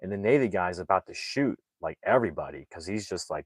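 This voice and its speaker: A man's voice: sits low, animated, fast, no echo, rough recording. A man recapping a movie plot in a casual, rambling way, full of "like" fillers and restarts. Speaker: movie reviewer.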